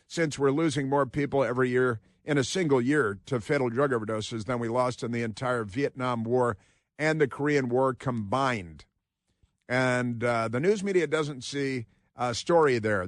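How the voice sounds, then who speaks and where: A man's voice: medium pitch, no echo, clean studio sound. A man hosting a political talk radio show, delivering a sarcastic, mocking monologue.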